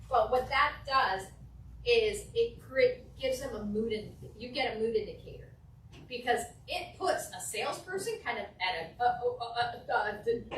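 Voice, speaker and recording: A woman teaching a real estate class, acting out client conversations in a lively, animated way. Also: on the high side, a little hiss or hum. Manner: animated, acts out client dialogues. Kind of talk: classroom training talk. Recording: echoey room from a distance.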